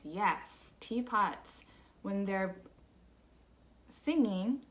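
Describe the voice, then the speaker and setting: A young woman teacher giving a slow, patient music lesson to children, asking them simple questions. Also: medium pitch, animated, fairly bright tone.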